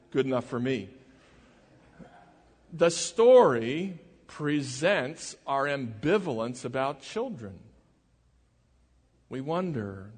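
A man preaching a sermon in an earnest, measured way, often dropping his voice low for emphasis. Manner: earnest, measured preaching with dramatic drops in volume. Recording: reverberant hall.

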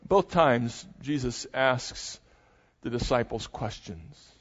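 An older man preaching a sermon and retelling a story with animated, dramatic storytelling. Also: medium pitch, takes it slowly. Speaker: pastor. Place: church sanctuary. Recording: muffled, long hall reverb.

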